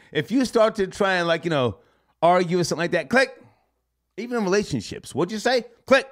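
Male call-in host, slightly high voice, casual and profane, laughing storyteller. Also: fairly quick. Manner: animated, profane, laughs while telling stories.

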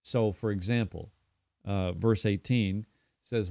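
A middle-aged man giving a devotional Bible teaching, earnest and unhurried, with frequent fillers and restarts. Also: lowish voice, warm tone, no echo.

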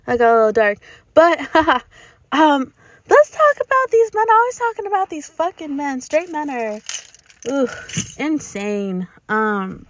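A woman's voice: high voice, animated, unhurried, a bit bright, slight background noise. A young woman hosting a solo podcast from inside a car, talking bluntly with lots of swearing and frequent laughter. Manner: profane, blunt, laughing often. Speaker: podcast host.

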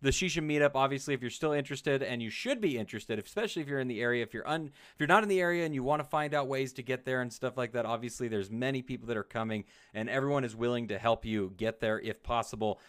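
A man's voice: medium pitch, fast, hardly any pauses, fairly bright tone. A man hosting a casual roundtable podcast, upbeat and joking as he moderates the panel. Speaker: podcast host.

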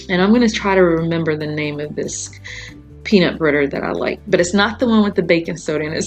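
With a lowish, slightly rough voice, a woman rambles casually on her own solo podcast, filling her talk with frequent fillers and laughter.

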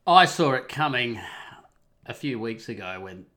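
A man's voice: mid-range voice, animated, a little slow, pushed and bright. A man telling a personal story in a casual, rambling monologue, wry and full of swearing. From Australia.

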